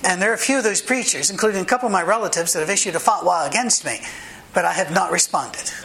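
A man's voice: sits high, fast talker, gravelly, pushed and bright, low-quality recording. A man pastor delivering a sermon, mixing humorous anecdotes and asides with short, emphatic commands.

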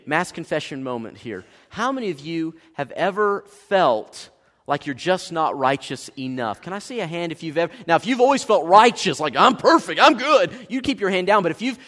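A man preaching a sermon as pastor, telling a story with lively swings from loud, fast lines to hushed, slow ones. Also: high-pitched, long reverb tail.

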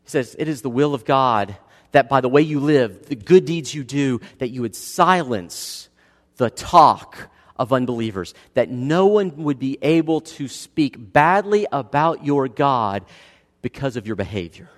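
A male pastor in his thirties giving a dynamic sermon, swinging between hushed and loud passages. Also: medium pitch, lively intonation, unhurried. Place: church sanctuary. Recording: long reverb of a church hall.

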